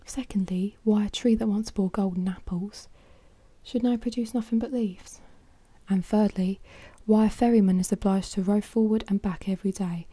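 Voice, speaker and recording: A woman's voice: mid-range voice, steady tone, moderate pace, dark tone, breathy edge, no echo, lightly acted. A woman voicing a bold, fearless young man in a whispered role-play.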